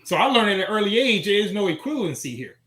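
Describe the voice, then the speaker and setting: A man from Chicago hosts a casual talk show, easing into a relaxed childhood story. His voice sits a little high. The room around him rings with echo. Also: fast talker. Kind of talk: casual chat.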